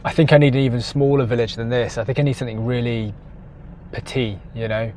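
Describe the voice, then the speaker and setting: Travel vlogger, man, mid pitch, casual and wry, noisy car recording. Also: fairly even intonation, quick pace. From England. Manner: chatty, self-deprecating, laughs at himself. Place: in a car and outdoors on a ferry. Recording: noisy car and outdoor background. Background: car and traffic noise.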